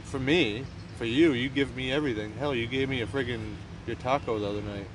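A man's voice: mid-range voice, a little fast. A man in his thirties chatting casually and joking with his wife. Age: 30s. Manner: joking, laid-back banter. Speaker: vlogger, retired husband. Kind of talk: casual outdoor chat. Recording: noisy outdoor recording, traffic nearby.

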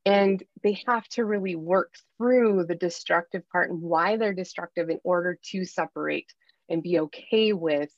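Middle-aged woman podcast guest, earnest and animated, with a slightly muffled, dry recording. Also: lowish voice, normal speed, no room sound. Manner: earnest, animated storytelling with filler ums. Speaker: guest life coach. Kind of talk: podcast interview, candid personal story.

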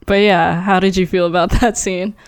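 A woman's voice: fairly low pitch, steady tone, moderate pace, clean tone, no echo. A young woman co-hosting a podcast, talking animatedly with swearing and laughter, and filling her speech with "like.". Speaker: podcast co-host. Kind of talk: casual chat.

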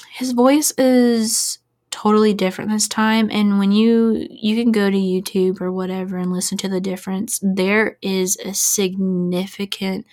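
A woman in her thirties hosting a casual true-crime chat, talking loosely with lots of "like" and fillers. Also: medium pitch. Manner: chatty, filler-heavy, "like" after every few words. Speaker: podcast host.

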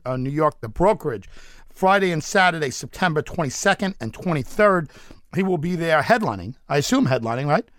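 A male radio host interviewing a guest and announcing show details in a relaxed way. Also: a little high, no room sound, studio quality.

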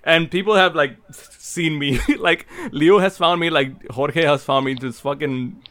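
A man's voice: a little high, unhurried, a bit bright, dry recording. A man in casual group chat, rambling and swearing, often laughing as he talks. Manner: profane, rambling, laughs a lot.

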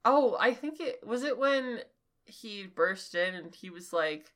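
Bright-voiced woman reading aloud slowly. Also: mid-range voice, lively intonation. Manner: giggly, incredulous asides. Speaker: podcast co-host. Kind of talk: reading a fanfic aloud with mocking commentary.

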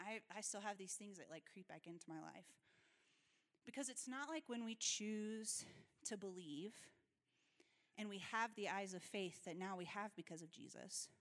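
Lady pastor chatting her way through a sermon, earnest, laughs a lot, big reverby church sound. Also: mid-range voice. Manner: conversational, earnest, laughs often. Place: church sanctuary.

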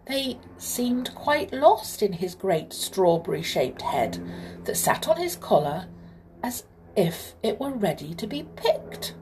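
A woman reading a children's story aloud, expressive and hushed in places. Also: mid-range voice, slow pace, a little hiss or hum. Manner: expressive, hushed and breathy at times.

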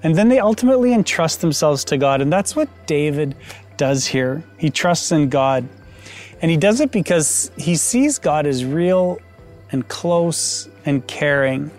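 A pastor giving a conversational sermon, relaxed and explanatory with frequent fillers. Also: male voice, a little high, unhurried, soft background music.

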